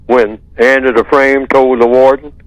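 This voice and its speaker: A man's voice: mid-range voice, little pitch movement, unhurried, dry recording. A man speaking as a guest on a talk radio show, emphatic and repeating his points with rhetorical questions. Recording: dull lo-fi line, dry.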